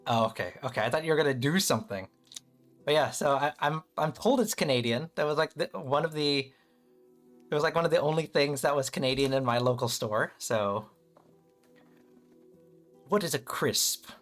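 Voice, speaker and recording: A man live-streaming casually to his chat, playful and excitable, joking about himself and rambling as he sets things up. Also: a little high, brisk, soft background music. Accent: American. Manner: playful, chatty, self-deprecating, excitable.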